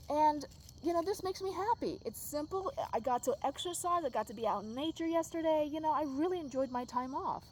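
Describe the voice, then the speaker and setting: A woman with a slightly high voice vlogs casually from her backyard garden at dusk, recording on a handheld phone as she walks around. Her talk rambles, drifting between quiet, soft-spoken musing and loud, exasperated venting. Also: brisk, a little hiss or hum. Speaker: vlogger.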